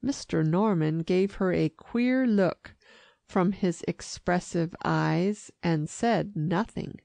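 A woman narrating an audiobook in a measured storytelling manner. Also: on the low side, creaky, dark tone, dry recording.

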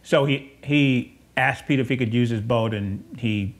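A man preaching a conversational sermon, rambling and correcting himself, with asides and soft chuckles. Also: medium pitch, moderate pace.

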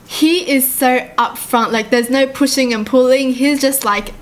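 Giggly woman vlogger with a higher voice, chatting casually about what she reads. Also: fairly even intonation, measured pace, few pauses. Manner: giggly and chatty, often laughing at herself. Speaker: YouTuber reacting to a text story. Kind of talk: casual reaction chat.

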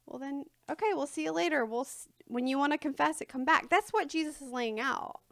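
Chatty woman preacher, slightly high voice. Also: brisk, creaky, dry recording, clean studio sound. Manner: chatty and informal, laughing between points. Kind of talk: conversational sermon. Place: church sanctuary before a congregation.

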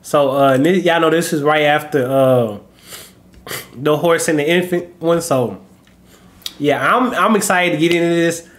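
A man's voice: fairly high pitch, a little slow. A man hosting a reaction video, sick and coughing, rambling casually and calling his viewers y'all. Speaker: YouTube reaction host.

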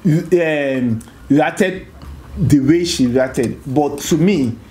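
A man with a Nigerian accent talking to viewers on a family vlog, halting and restarting often as his wife cuts in. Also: fairly high pitch, mellow, a little hiss or hum. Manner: halting, stammering, keeps restarting. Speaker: vlogger. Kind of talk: casual couple chat on camera.

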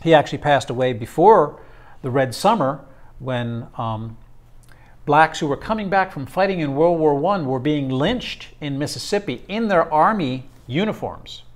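A male instructor giving a classroom lecture, talking haltingly with many fillers and restarts. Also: on the high side, lively intonation.

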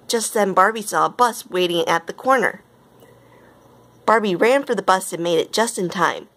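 A woman reading a storybook aloud as narrator, with gentle, even pacing. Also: medium pitch, moderate pace.

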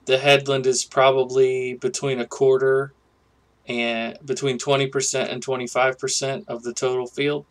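A man hosting a casual gameplay commentary, musing and thinking aloud in a relaxed way. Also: mid-range voice, normal speed. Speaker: gaming channel host.

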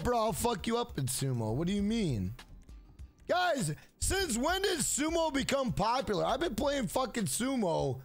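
A man streaming a game, chatting casually and telling rambling, profane stories to his viewers. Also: extremely high pitch. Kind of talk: casual live-stream chat.

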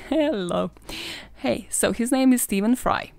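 A woman's voice: a little high, animated, a little slow, vocal fry, a little mellow, no room sound. A young woman hosting a true crime podcast, sarcastic and swearing freely, laughing at her own jokes. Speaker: podcast host.

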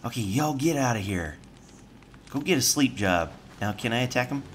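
A man giving jokey, chatty commentary on the game he is playing, breaking into sudden high-pitched panicked yelps. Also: expressive, moderate pace. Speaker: gameplay host. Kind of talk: let's play commentary.

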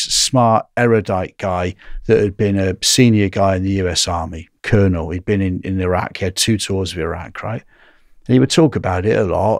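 A man's voice: on the low side, no room sound, studio quality. A middle-aged man in a casual interview, telling stories animatedly and tagging lines with "right?". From England. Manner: animated, recounts dialogue, frequent "right?" tag. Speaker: guest.

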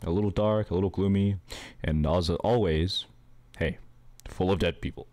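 A man's voice: low voice, dark tone, dry recording, close to an everyday voice. A man voicing a smug, scheming male god of the underworld, full of sarcastic quips. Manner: sarcastic, fast-talking wisecracks.

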